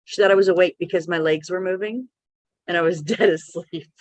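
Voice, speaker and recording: A woman's voice: fairly low pitch, fairly even intonation, brisk, a little mellow, no echo. A woman in casual podcast chat, talking chattily, laughing easily and retelling conversations. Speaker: co-host.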